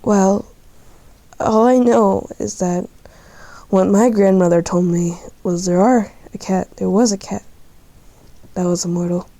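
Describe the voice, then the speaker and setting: A woman voicing a young male tom cat who asks calm, curious questions. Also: mid-range voice, unhurried, long pauses, no room sound, lightly acted.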